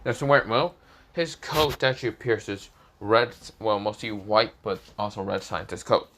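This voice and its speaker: Rambling low-voiced man telling a story. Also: fairly bright tone. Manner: rambling, halting, many fillers. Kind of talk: improvised fan story reading.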